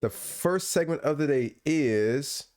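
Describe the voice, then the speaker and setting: A man's voice: on the high side, lively intonation, slow, a little mellow. A man hosting a casual podcast livestream from home, playful and teasing, laughing often. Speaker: podcast host.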